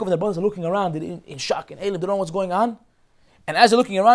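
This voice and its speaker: A man teaching a Torah class as a rabbi, retelling a story in an animated way with many restarts. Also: a little high, fast.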